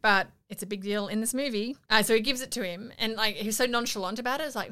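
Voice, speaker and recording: Female podcast co-host, bright, forward tone; casual, filler-heavy storytelling with quick impressions. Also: mid-range voice. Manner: animated retelling with acted-out quotes and frequent fillers; laughs often, swears casually. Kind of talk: casual chat recapping a film.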